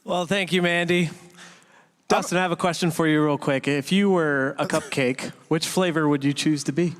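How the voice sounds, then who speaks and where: A man's voice: a little high, steady tone, moderate pace, in a large hall. A man co-hosting a church awards stream with upbeat, jokey, scripted banter. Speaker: co-host.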